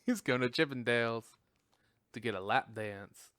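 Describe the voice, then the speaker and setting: Brief: animated male podcast host, laughing and cursing, unhurried delivery, dry room. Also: mid-range voice, no echo. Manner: profane, animated, laughs often. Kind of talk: casual film review chat.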